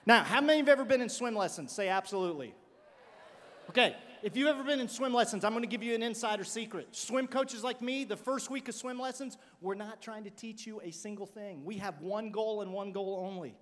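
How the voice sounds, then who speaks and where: A man with a high voice delivers a keynote to a student conference. He is an animated, joking storyteller who swings between loud bursts and quiet asides. His voice carries a long reverb from a big hall. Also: brisk. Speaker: motivational speaker.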